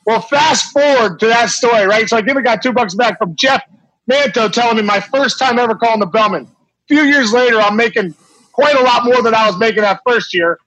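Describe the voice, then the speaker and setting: A middle-aged man with a high, husky voice tells a story casually, full of restarts and laughter. He sounds lively and animated as he goes. The recording is dry and close. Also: a little fast, dry recording, dull audio. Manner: animated, laughing anecdote teller with many restarts. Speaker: former ballplayer guest.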